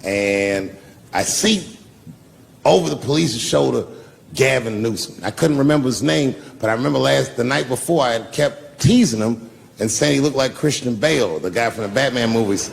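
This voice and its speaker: Gravelly, profane stand-up comedian. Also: male voice, mid-range voice, moderate pace, in a large hall. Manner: profane, animated storytelling with acted-out quotes. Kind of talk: stand-up storytelling.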